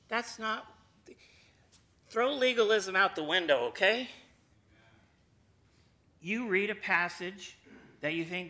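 Bright-voiced folksy man teaching scripture. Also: a little high. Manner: folksy, chatty, with playful asides. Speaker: Bible teacher. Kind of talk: informal sermon to a group.

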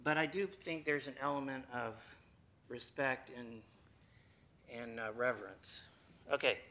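A man's voice: medium pitch, unhurried, bright, forceful tone. A man giving an informal Bible lesson, folksy and chatty, with playful asides to his listeners. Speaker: Bible teacher. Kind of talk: informal sermon to a group.

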